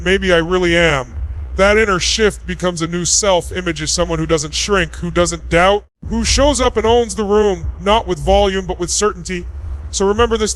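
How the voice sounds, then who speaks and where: High-voiced man giving an emphatic motivational speech. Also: a bit bright, poor audio. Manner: emphatic, punchy short phrases. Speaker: motivational speaker.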